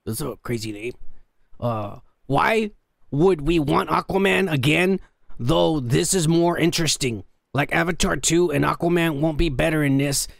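Gravelly joking podcast host, a man. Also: fairly high pitch, moderate pace, dry recording, studio quality. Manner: profane, joking, reads out comments. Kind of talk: casual crude banter.

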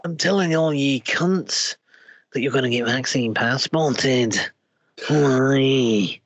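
A man doing a gruff scottish woman leader. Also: on the high side, a bit bright, dry recording, voice pushed down, heavily acted. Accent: Scottish, put on. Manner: lecturing, crude, mocking. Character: stern Scottish woman political leader, impression.

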